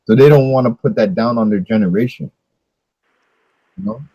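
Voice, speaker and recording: A man's voice: mid-range voice, moderate pace, slightly rough, no room sound, highs cut off. A man leading a casual religious discussion, preaching in a slangy way full of rhetorical questions.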